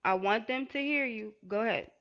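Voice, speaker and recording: Woman host moderating a live stream, brisk, slightly high voice, dull audio with faint hiss.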